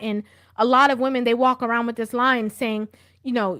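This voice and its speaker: A woman with a high voice speaks in steady, casual commentary. She lectures her listeners directly in an even, measured way.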